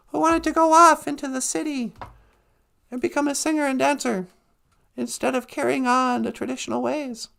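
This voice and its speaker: High-pitched, gravelly male storyteller. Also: a bit bright. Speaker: podcast host. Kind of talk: joke storytelling.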